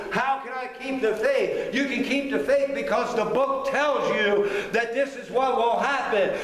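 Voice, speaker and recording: High-voiced preacher in an echoey hall. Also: male voice. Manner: fervent, repetitive, builds with rhetorical questions. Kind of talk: sermon. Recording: echoey hall, mic from far off.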